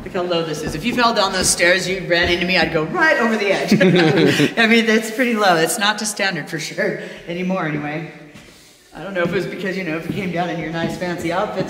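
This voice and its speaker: Chatty woman tour guide in echoey hotel. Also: lowish voice. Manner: chatty storyteller, many fillers, laughs easily. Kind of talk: casual guided tour talk. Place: inside an old abandoned hotel. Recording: echoey room, faint noise.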